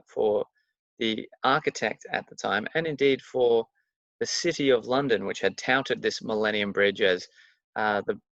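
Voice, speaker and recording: A man's voice: mid-range voice, vocal fry, fairly bright tone, dry recording. A man presenting a daily history explainer, talking his way through dates with dry, facetious asides. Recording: dull, lo-fi, dry mic sound.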